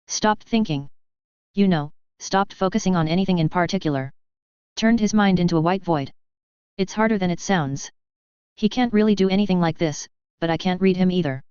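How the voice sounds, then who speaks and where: A woman's voice: on the low side, moderate pace, a little mellow, clean tone, no echo, muffled recording, lightly acted. A woman reading aloud voicing a smug, gloating male villain who mocks and crows. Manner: crowing, mocking, cackling.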